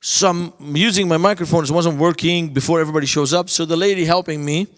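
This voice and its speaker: A man's voice: fairly high pitch, fairly even intonation, fast talker. Man speaking in a reverberant hall. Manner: storytelling, acting out both sides of dialogues. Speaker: conference speaker. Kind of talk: lecture with anecdotes.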